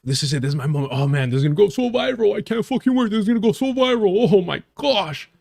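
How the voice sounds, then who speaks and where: A man's voice: mid-range voice, fairly even intonation, very fast, a little mellow, natural voice. A man putting on the voice of a smug, self-satisfied young male politician, in a mocking and exaggerated way. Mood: smug glee.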